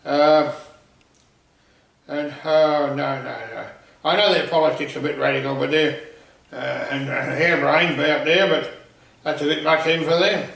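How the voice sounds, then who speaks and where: A man spins a rambling, animated comic yarn with a gravelly, bright voice that sits a little high. He sounds far from the mic, in a very echoey room. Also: moderate pace, long pauses. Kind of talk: comic anecdote storytelling.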